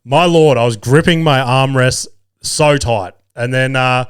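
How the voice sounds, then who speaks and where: A man's voice: medium pitch, measured pace, clear, resonant tone. Profane man telling stories. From Australia. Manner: profane, animated, mocking impressions of others. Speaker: podcast host. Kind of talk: casual storytelling monologue.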